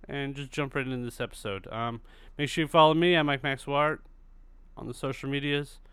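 A man's voice: medium pitch, steady tone, brisk, fairly bright tone, clean tone, dry recording. A man hosting his podcast in casual chat, rambling and loose, swearing freely. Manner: rambling, loose and profane, with many fillers. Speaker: podcast host.

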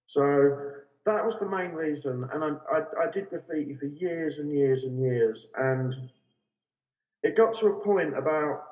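A man's voice: fairly high pitch, measured pace, a little mellow. Laid-back London man in a roomy space. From South London. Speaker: guest artist. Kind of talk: casual interview talk. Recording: roomy echo.

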